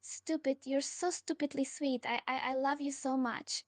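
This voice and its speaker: A woman's voice: high voice, fairly even intonation, moderate pace, dry recording, close to an everyday voice. A synthetic woman's voice playing a stammering tsundere maid. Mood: tender. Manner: stammering, clingy. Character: proud flustered young tsundere maid woman.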